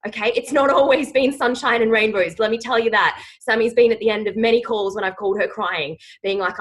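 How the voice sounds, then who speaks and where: Husky-voiced woman giving an emphatic pep talk. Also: fairly high pitch, fast talker, few pauses, a bit bright, low-quality recording. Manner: emphatic, rallying, says "okay?" often. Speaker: team leader on a training call. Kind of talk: motivational team call.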